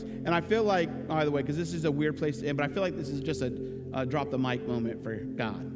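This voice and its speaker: Brief: male pastor, conversational sermon, slightly high voice, long church reverb. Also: lively intonation, a little fast. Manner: conversational preaching with rhetorical questions. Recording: reverberant church hall with loud music.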